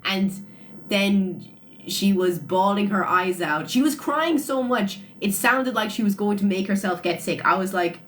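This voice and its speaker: A young woman chats to her livestream viewers in a loose, animated way and breaks into laughter often. Her pitch sits in the middle range for a woman. She speaks into a phone mic, with faint noise behind her. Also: unhurried. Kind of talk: casual storytelling to live chat.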